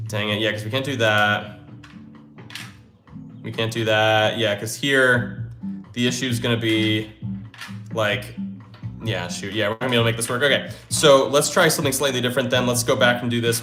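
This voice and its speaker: A young man hosting a casual live stream thinks aloud as he works through puzzles and hypes himself up when they click. His voice is medium-pitched and a bit bright, with faint lo-fi music behind him.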